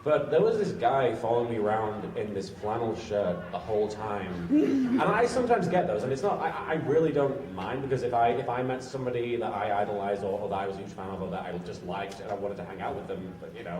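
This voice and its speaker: A man's voice: on the low side, lively intonation, fast talker. A man telling a rambling anecdote to a convention panel audience, often restarting his sentences. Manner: rambling, self-interrupting anecdote teller. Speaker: panel guest. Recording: roomy, far from the mic, crowd noise.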